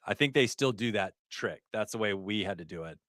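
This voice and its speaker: A man's voice: fairly low pitch, expressive, fairly quick, fairly bright tone, no room sound, clean studio sound. A middle-aged man, an ER nurse, hosting a casual livestream, reading chat aloud and laughing often.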